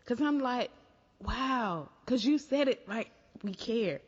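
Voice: medium pitch, a little slow, a little mellow. A podcast co-host chatting casually with a dry, sarcastic, teasing edge. The sound is dull and lo-fi. A long reverb trails behind every phrase. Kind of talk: casual chat.

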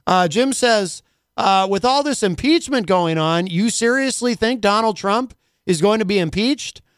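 A man's voice: sits high, lively intonation, a little slow, smooth, no echo, clean studio sound. A man hosting a casual talk radio show, rambling and full of filler words.

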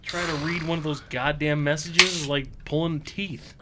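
A man's voice: a little high, fairly even intonation, moderate pace. A man co-hosting a podcast in casual chat, blunt and crude as he rants, in a recording with noise and clicks. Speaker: podcast co-host.

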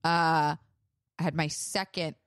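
A woman's voice: sits low, slow, smooth, dry recording, clean studio sound. Young woman telling a story animatedly. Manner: animated storytelling, acts out quotes, frequent "like". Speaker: podcast co-host. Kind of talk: casual chat.

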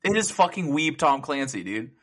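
A young man co-hosting a casual gaming podcast, telling stories in an animated way, full of swearing and laughter. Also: on the high side, moderate pace. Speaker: podcast co-host.

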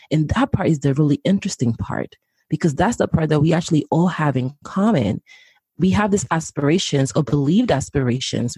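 A podcast host speaking calmly and reflectively, encouraging the guest. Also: medium pitch, husky, no room sound. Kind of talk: interview conversation.

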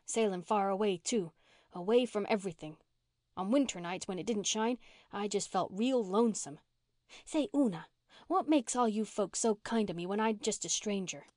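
A woman's voice: mid-range voice, darkish tone, no room sound, studio quality, close to an everyday voice. Woman reading a blunt, slangy runaway girl. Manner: slangy, folksy country speech. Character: rough-spoken runaway orphan girl, blunt and touchy.

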